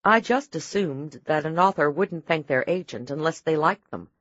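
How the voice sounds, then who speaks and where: A woman narrating an audiobook in a measured, steady reading. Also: deep voice, dry recording, highs cut off. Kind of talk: scripted narration.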